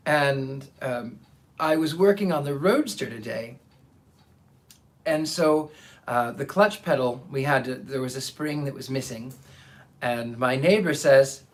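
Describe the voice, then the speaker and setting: Host type, male, theatrical and chatty, greets his audience warmly by name, mid-range voice. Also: medium pitch. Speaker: host of a live storytelling stream. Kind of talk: casual chat and reading aloud.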